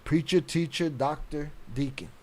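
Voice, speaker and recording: A man hosting a casual live stream, reacting to chat with blunt, profane talk and frequent laughs. His voice sits somewhat high for a man. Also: moderate pace, darkish tone, a little hiss or hum.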